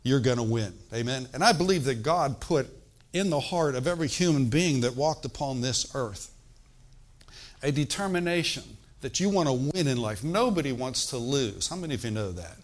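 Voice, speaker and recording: An older male pastor preaches a sermon in a relaxed, chatty style, often checking in with his congregation through call-and-response asides. His voice sits at medium pitch, with lively intonation and a moderate pace.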